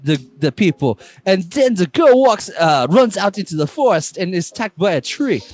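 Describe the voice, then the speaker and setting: A man putting on a Jamaican accent to retell a story, halting and giggly. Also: high voice, very animated, a little mellow, pitched above the performer's own voice. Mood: playful. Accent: put-on Jamaican.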